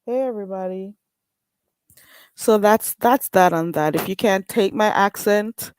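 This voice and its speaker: A woman's voice: mid-range voice, a little slow, darkish tone, clean tone, no echo, low-quality recording. A woman with a Jamaican accent hosting a casual livestream, greeting viewers by name and speaking bluntly and sassily. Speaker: livestream host.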